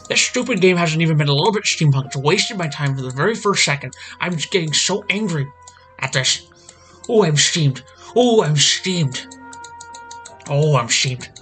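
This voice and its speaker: A man's voice: fairly high pitch, expressive, a little fast, pushed and bright, soft background music. A man at his computer desk giving playthrough commentary, getting more and more exasperated and ranting to himself as he plays. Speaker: gaming channel host. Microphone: desk microphone.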